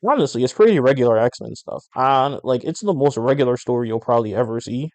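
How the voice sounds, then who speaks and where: A man hosting a podcast, chatting casually and profanely in slangy, animated rants. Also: medium pitch, quick pace, no room sound. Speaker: podcast host. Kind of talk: casual comic book review podcast.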